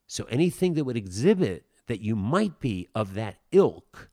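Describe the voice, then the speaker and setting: A man's voice: lowish voice, very animated, moderate pace, warm tone, dry recording, clean studio sound. A man hosting a podcast, giving blunt, emphatic advice in a casual monologue with a wry edge.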